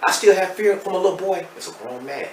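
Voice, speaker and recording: A middle-aged man with a Texas accent, speaking as a podcast guest and telling his story candidly and emotionally, swinging between loud and hushed. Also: sits high, animated, quick pace, far from the mic. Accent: Southern US, Texas. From Dallas, Texas. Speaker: podcast guest, hip hop artist. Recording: roomy echo, off-mic, faint noise.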